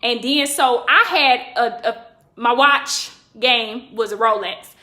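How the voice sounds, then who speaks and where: A high, bright woman telling a story on a livestream. She is animated and profane and leaps up in pitch when she acts out what people said. Her voice rings in an echoey room. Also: slow. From California.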